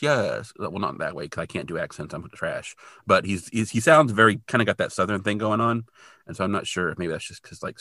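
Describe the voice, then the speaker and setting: A man with a rather low, bright, forceful voice talks through a TV episode in a loose, chatty way. He leans on fillers and pokes fun at himself as he goes. The sound is close and dry, with no room around it. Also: dry recording. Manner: chatty, filler-heavy, self-deprecating. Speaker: podcast co-host. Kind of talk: casual episode recap.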